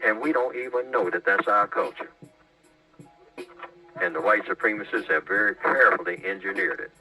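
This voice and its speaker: A man's voice: medium pitch, lively intonation, normal speed, gravelly, sharp tone. A man lecturing an audience, asking rhetorical questions as he makes his points. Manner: preachy, poses rhetorical questions. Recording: distant clip with faint music.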